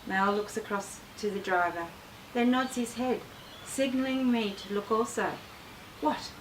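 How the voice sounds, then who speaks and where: A woman, an author reading her travel memoir aloud in a measured, expressive way. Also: mid-range voice. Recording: distant mic with faint background noise.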